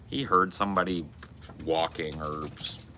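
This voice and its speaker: A man's voice: deep voice, steady tone, a little slow, sharp tone, slight background noise. A man hosting a podcast, telling a loose, profane, rambling story in casual chat. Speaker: podcast host.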